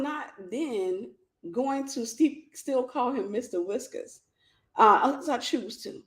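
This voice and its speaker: A woman's voice: a little high, animated, slow. A woman teaching a faith-based life lesson in a conversational way, telling stories with playful asides and acted-out voices. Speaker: Christian teacher and mentor.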